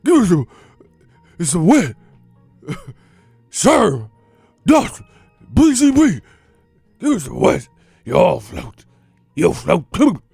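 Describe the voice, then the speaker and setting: A man's voice: sits high, wildly swooping pitch, takes it slowly, vocal fry, long pauses, a little mellow, slightly rough, dry recording, faint music behind, voice pushed up, exaggerated voice. A man doing a squealing, giddy beggar. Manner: repetitive, giddy pleading. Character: giddy, high-strung man begging for wet stuff.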